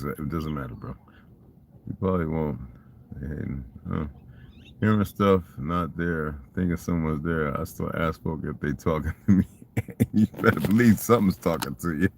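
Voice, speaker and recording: A man's voice: a bass voice, moderate pace, creaky, pauses often, slight background noise. An older man telling rambling, profane stories in a casual monologue and asking rhetorical questions. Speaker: vlogger.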